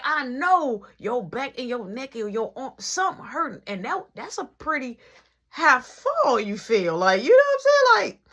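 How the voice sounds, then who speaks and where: A woman telling a personal story in an animated way, often dropping into whispers. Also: sits high. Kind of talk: storytime vlog.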